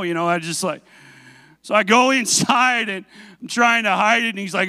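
High-voiced, animated preacher man. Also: normal speed, no echo. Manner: animated, self-mocking storytelling; asks the congregation questions. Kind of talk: sermon.

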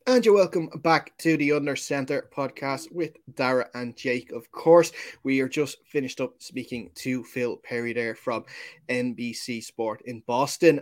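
An Irish man hosting a sports podcast, friendly, with frequent ums and uhs. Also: medium pitch. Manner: friendly, hesitant, lots of fillers. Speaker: podcast host. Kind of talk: casual podcast interview.

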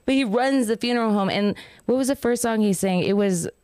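A young woman hosts a casual podcast, rambling through a story and acting out the people in it. Her voice is smooth and resonant. The sound is dry and close, with no room echo. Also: a little high, brisk, darkish tone. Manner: rambling storyteller, acts out quotes. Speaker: podcast host. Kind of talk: casual chat.

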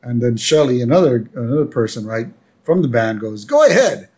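A man's voice: mid-range voice, a little fast, warm tone. A man casually narrating a cartoon episode as a podcast co-host, acting out short quotes. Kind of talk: casual episode recap chat.

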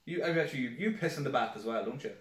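A man's voice: medium pitch, expressive, fast. A man, co-hosting a casual podcast, swearing freely and laughing through his stories. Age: 20s. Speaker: podcast co-host. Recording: roomy, mic at a distance.

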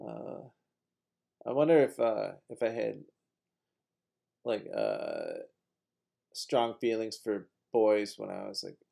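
A man hosting a podcast in casual chat, rambling and halting with lots of fillers, often laughing and swearing. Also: on the low side, wildly swooping pitch, gravelly, dark tone. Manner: often laughing, crude language. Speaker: podcast host.

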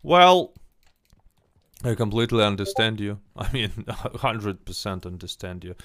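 Background noise runs under this stream host's lowish, animated voice as he chats casually at an unhurried pace. He reads viewer questions and interviews a guest, sounding slightly hesitant and repeating words whenever he restarts.

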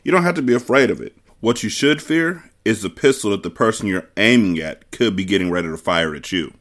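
A man's voice: on the low side, animated, brisk, a bit bright. Man voicing fierce protective aunt. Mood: stern. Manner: firm, urgent, tender. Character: fierce grieving aunt, protective young woman.

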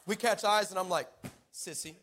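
A man preaching a lively sermon at a church service, telling stories with laughter and building to shouted exhortation. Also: high-pitched, fairly quick, noisy background. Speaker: pastor. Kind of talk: sermon with storytelling.

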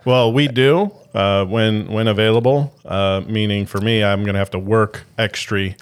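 Jokey man with a low voice. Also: fairly even intonation, moderate pace, clear, resonant tone. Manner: jokey, rambling with many "uh" fillers and laughs. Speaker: podcast co-host. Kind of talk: casual chat.

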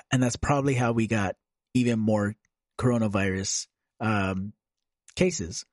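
A man's voice: lowish voice, slow, no room sound, studio quality. A man hosting a casual political chat podcast, talking loosely with fillers and casual swearing. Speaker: podcast host.

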